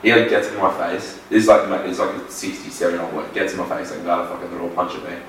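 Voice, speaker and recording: A man's voice: low-pitched, little pitch movement, quick pace, fairly bright tone, a little hiss or hum. A man with an Australian accent hosting a podcast, chatty, swearing and filling in with frequent backchannels in casual chat. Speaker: podcast host. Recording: echoey room, distant mic.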